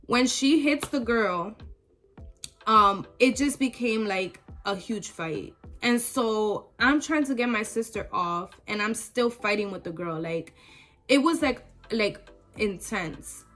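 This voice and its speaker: A woman's voice: on the high side, expressive, slow, a bit bright, faint music behind. A young woman vlogger telling a personal story in casual, emotional talk with many fillers.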